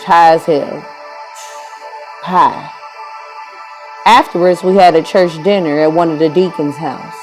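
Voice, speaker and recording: A woman's voice: on the low side, a little mellow, low-quality recording. A woman in her thirties casually telling a personal story, rambling and correcting herself as she goes. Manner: rambling, self-correcting, candid. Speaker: vlogger.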